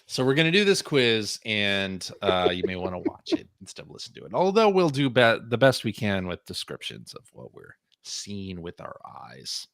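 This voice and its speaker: A man's voice: lowish voice, wildly swooping pitch, normal speed, few pauses, a bit bright, dry recording, clean studio sound. A man hosting a podcast in casual chat, loose and chatty, with frequent fillers. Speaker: podcast host.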